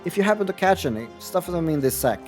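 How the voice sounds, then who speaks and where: A man voicing a curt young male hunter, reading game dialogue aloud in a dry, clipped, formal way with sudden loud stresses. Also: high-pitched, lively intonation, fast talker, faint music behind, voice pushed up.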